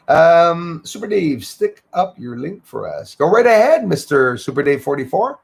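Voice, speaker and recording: A man's voice: on the high side, big pitch swings, moderate pace, gravelly, few pauses, slight background noise. A man hosting a livestream, chatting casually and greeting viewers by name as he rambles along. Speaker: livestream host. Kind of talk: casual chat reading out viewer comments.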